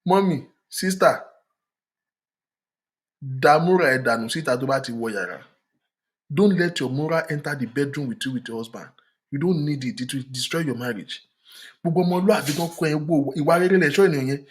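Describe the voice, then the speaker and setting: A man's voice: medium pitch, animated, a little fast. Emphatic man giving frank advice. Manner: emphatic, preachy, switches into Yoruba. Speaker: relationship talk host. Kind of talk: frank relationship advice monologue.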